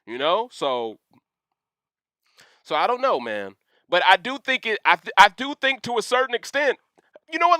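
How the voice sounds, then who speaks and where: A young man hosting a casual livestream rant, reading chat questions aloud and talking in an animated, slangy way full of asides. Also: sits high, normal speed, pauses often, no echo, studio quality. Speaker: livestream host.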